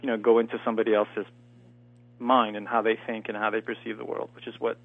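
Over a tinny, dry phone line, a native French-speaking Canadian man from near Montreal chats casually as a guest actor in an interview. His voice is on the low side and creaky, with little pitch movement, and he talks fast, full of fillers and restarts.

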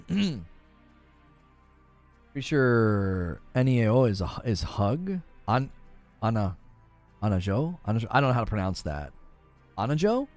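This live-stream host has a lowish, darkish voice with a sing-song quality, speaking unhurriedly and pausing often as faint music plays. He chats casually, reads chat aloud, and laughs a lot.

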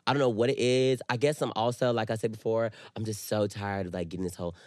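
A man's voice: lowish voice, fairly even intonation, quick pace, a little mellow, dry recording, studio quality. A man co-hosting a podcast in casual chat, candid and emotional, open about his feelings. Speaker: podcast co-host.

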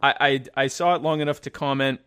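A man in casual political chat, rambling and sarcastic, with many halting restarts. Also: medium pitch, steady tone, a bit bright, clean tone, no echo, studio quality.

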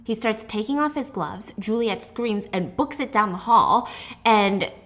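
Young woman retelling a book, animated and chatty, fairly high voice. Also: moderate pace. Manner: animated storytelling with asides. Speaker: host. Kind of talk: casual book recap.

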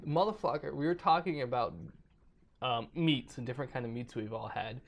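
A man's voice: mid-range voice, fairly quick. A man co-hosting a podcast in casual chat, joking and swearing, laughing often. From born in Germany, raised in the US South. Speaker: podcast co-host.

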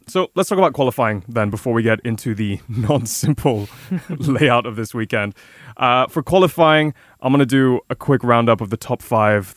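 A man's voice: on the low side, no room sound, clean studio sound. Chatty sarcastic man co-hosting a podcast. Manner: chatty, sarcastic asides, repeats words when starting sentences. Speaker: podcast co-host. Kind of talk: casual podcast chat.

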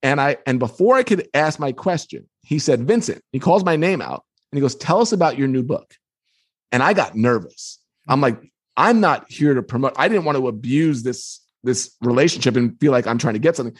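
A man with a slightly husky voice tells a story about his book as an interview guest. He talks with energy and slips into lively voices when he quotes other people. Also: medium pitch, a little fast. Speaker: author and guest. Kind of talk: animated storytelling.

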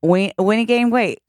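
Playful woman with a lively, smooth voice. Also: mid-range voice. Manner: playful, jokey, acts out little voices. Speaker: podcast co-host. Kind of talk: casual chat.

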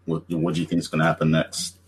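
Male host, extremely deep husky voice, flat delivery, halting questions. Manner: halting, repeats words when asking questions. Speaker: podcast host. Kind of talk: casual discussion moderation.

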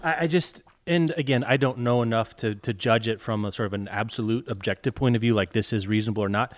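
A man's voice: mid-range voice, quick pace, no echo. A man co-hosting a casual book-discussion talk, wry and chatty, with many fillers and restarts. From not from the US South. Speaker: podcast co-host.

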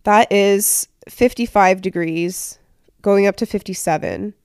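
A young pregnant woman chatting casually as a podcast co-host, chatty and quick to laugh. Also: medium pitch, darkish tone, smooth, dry recording, studio quality. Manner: chatty, laughs often, lots of "like". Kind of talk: casual chat.

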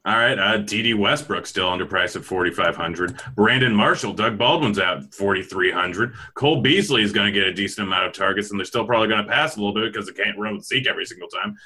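A man's voice: lowish voice, fast talker, few pauses, sharp tone. A man co-hosting a casual podcast chat, teasing and lecturing his co-host.

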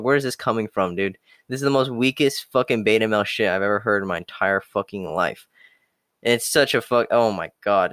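A man's voice: fairly low pitch, fairly bright tone, dry recording, studio quality. A young man hosting a podcast, ranting bluntly with constant swearing and mocking whiny voices. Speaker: podcast host. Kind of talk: profane motivational monologue.

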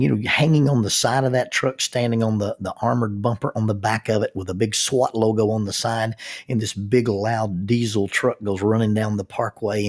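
A man giving a reflective spoken talk, thoughtful, with frequent restarts and rhetorical questions. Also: lowish voice.

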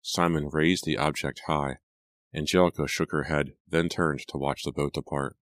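A man narrating a horror audiobook in a measured, scripted delivery. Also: very deep voice, steady tone, fairly bright tone, no echo.

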